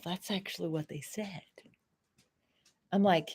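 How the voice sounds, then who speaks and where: A middle-aged woman from Maine hosts a livestream at home, talking straight to her chat. Her voice sits a little low, and she swears freely as she vents. She speaks close to her webcam. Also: expressive, normal speed, pauses often, darkish tone, slightly rough. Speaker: livestream host. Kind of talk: casual livestream chat with viewers.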